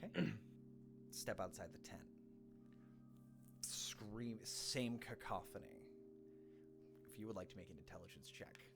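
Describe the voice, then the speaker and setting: A man with a fairly low voice narrates a tabletop game as game master. He talks casually and playfully, with plenty of fillers. Clear music plays behind him. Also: measured pace, long pauses. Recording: background music.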